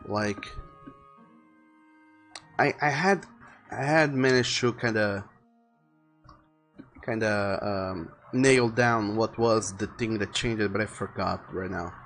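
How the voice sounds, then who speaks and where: A man's voice: on the low side, slow, pauses often, a bit bright. Rambling man streaming while drawing. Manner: rambling, thinks aloud, repeats words. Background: faint music playing.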